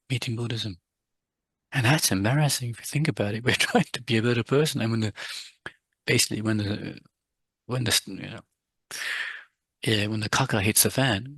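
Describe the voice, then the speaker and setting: Middle-aged guy teaching buddhism, husky, dry close sound, chatty and restarts a lot. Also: medium pitch, fairly bright tone, no room sound. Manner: conversational, many restarts, quotes his teacher with raised voice. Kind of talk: dharma talk to students.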